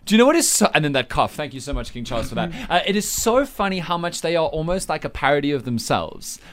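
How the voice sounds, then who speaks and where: Chatty male radio host, slightly high. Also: sing-song, quick pace, fairly bright tone. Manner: chatty and teasing, laughing often. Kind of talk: casual radio banter.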